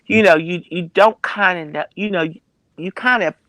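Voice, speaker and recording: A woman with a lowish voice, recorded close and dry, tells a personal story as a guest on a talk show. She hesitates, restarts and repeats herself, leaning on fillers as she works through the account. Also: normal speed, a bit bright, no echo, low-quality recording. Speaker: interview guest.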